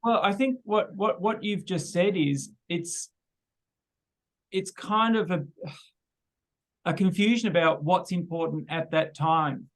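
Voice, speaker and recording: Man, questioner, hesitant, stumbling restarts, high pitch. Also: slow pace, fairly bright tone. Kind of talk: casual chat.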